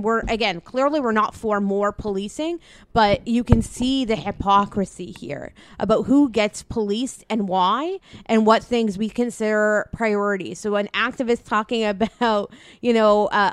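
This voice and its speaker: A Canadian woman co-hosting a podcast, speaking in an impassioned, unpolished way, often restarting her sentences. Her voice is smooth and clear, and the sound is close and dry. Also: mid-range voice, moderate pace, no room sound. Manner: impassioned, many restarts and swearing. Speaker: podcast co-host. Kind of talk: casual political chat.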